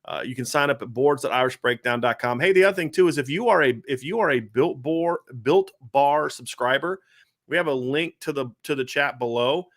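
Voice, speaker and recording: Male sports podcast host, conversational and rambling, average pitch. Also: brisk, fairly bright tone. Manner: chatty, rambling with filler words. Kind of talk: casual sports talk show.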